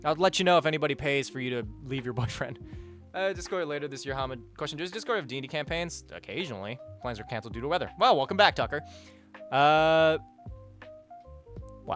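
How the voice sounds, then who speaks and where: A young-sounding man streams from home, rambling and cursing his way through donation shout-outs. His pitch jumps around a lot as he talks. Faint music plays softly behind him. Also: fast. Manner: rambling, swears a lot, animated swings in pitch and loudness. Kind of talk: casual livestream chat reading donations.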